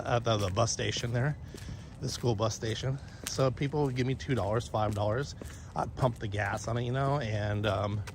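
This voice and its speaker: A middle-aged man live-streaming a dog walk outdoors, telling rambling, profane stories from his youth with lots of ums. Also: lowish voice. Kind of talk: casual storytelling chat. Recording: outdoor stream with clear street noise.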